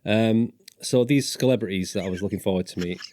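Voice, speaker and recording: A man's voice: on the low side, a little fast, darkish tone. A man from northern England in his forties, a podcast guest telling stories casually and animatedly, swearing and acting out voices. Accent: Northern English. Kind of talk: casual storytelling.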